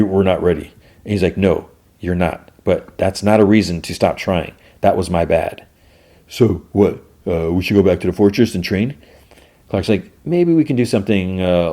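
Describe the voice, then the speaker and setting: Male podcast host with a deep voice, loosely recapping an episode at home. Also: dark tone. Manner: loose retelling, quoting characters with "he's like".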